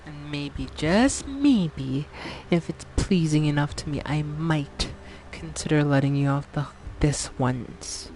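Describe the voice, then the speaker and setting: A woman's voice: deep voice, slow pace, hardly any pauses, a little mellow, slight background noise. A woman putting on a wrathful, regal female fennec fox demon, speaking in theatrical, mock-archaic threats.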